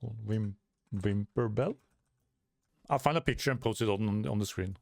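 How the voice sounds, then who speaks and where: A man's voice: fairly low pitch, unhurried, vocal fry, dry recording, clean studio sound. Rambling man giving casual reaction commentary. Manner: rambling, stumbles over words, many fillers. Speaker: manga reaction youtuber.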